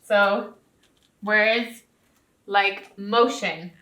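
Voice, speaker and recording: A woman's voice: mid-range voice, fairly even intonation, very slow, bright, forceful tone. A woman teacher giving a recorded spelling lesson to young students, patient and encouraging, often checking in with "okay?". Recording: roomy echo.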